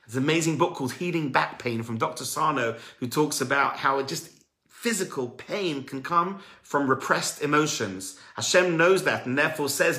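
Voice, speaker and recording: Emphatic man, bright echoey voice. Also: a little high, moderate pace. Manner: emphatic, swings between loud urging and quiet earnest tones. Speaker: religious speaker and life coach. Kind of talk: sermon-style teaching talk.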